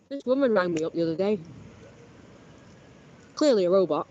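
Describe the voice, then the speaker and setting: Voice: medium pitch, animated, normal speed, long pauses, a little mellow, a little hiss or hum. A person, vlogging outdoors by a canal in a chatty, boastful, wandering monologue. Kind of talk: casual rambling monologue. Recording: slightly muffled outdoor recording, faint background.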